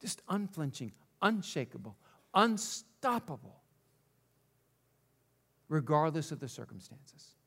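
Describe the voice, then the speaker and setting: A man's voice: a little high, very animated, takes it slowly, gravelly, long pauses, fairly bright tone, slightly rough. A male pastor preaching a sermon, asking rhetorical questions and leading the congregation in call-and-response.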